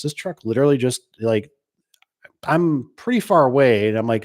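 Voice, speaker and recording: A man's voice: medium pitch, animated, brisk, a little mellow. Rambling man in casual shop talk. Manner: rambling, with many restarts and acted-out quotes. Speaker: garage door business owner. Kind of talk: casual chat.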